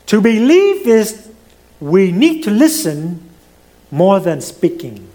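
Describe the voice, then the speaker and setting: A man's voice: sits high, big pitch swings, takes it slowly, warm tone. A middle-aged man preaching a sermon as pastor, swinging his voice up and down, with some non-native grammar.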